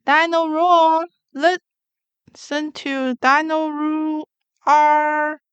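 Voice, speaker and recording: A woman's voice: high voice, level tone, drawn-out words, no echo, highs cut off, voice pushed up. A woman singing as a roaring toy dinosaur. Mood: roaring song. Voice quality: loud sing-song roaring chant.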